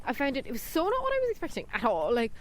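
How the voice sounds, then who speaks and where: A woman with a high voice co-hosts a film podcast and chats in a lively, emphatic way. She is quick to agree, then carries on with her own take. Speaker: podcast co-host. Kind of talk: casual film review chat.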